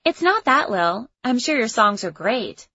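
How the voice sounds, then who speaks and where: A woman's voice: on the high side, big pitch swings, unhurried, bright, forceful tone, slightly rough, voice pushed up, heavily acted. A woman voicing a teenage girl, a teasing and doubtful best friend, in a storybook reading. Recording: slightly muffled lo-fi recording.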